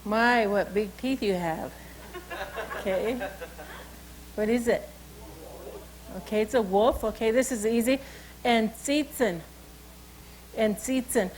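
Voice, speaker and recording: A woman's voice: on the high side, slow, long pauses, a little mellow, low-quality recording. A woman with a Salish accent, telling a traditional story and teaching animal names in a loose, informal way, often saying "you know" and "okay.". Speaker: cultural educator.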